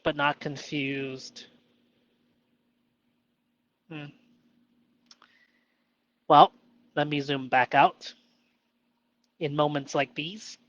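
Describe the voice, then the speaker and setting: A man with a slightly high voice thinks aloud very slowly, stopping often to question himself. Now and then he answers a mock inner critic with playful back-and-forth. The recording sounds dull and lo-fi. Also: a bit bright. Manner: halting, self-questioning, with long pauses. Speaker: vlogger reflecting on improv. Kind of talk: solo reflective monologue.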